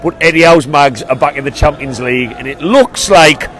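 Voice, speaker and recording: A man, vlogging in an excited, chatty way as he heads to a football match through city streets. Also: fairly high pitch, moderate pace. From England. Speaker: vlog host. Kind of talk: matchday vlog.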